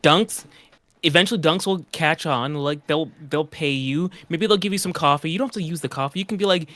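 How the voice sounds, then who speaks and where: A man's voice: fairly high pitch, a little fast, a bit bright, dry recording. Dry, teasing man on a podcast. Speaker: podcast co-host. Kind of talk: casual chat.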